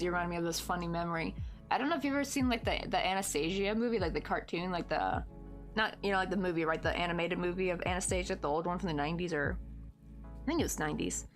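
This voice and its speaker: A woman's voice: fairly low pitch, quick pace, soft background music. A woman from the United States hosting a crochet livestream, chatting in a rambling, laughing way and reading viewer comments aloud.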